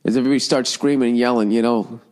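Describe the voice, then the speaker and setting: A man's voice: steady tone, very fast, darkish tone. A middle-aged man hosting a podcast, rambling casually with lots of swearing and sarcastic rants. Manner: profane, ranting, sarcastic, jumps into high mocking voices. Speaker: podcast host.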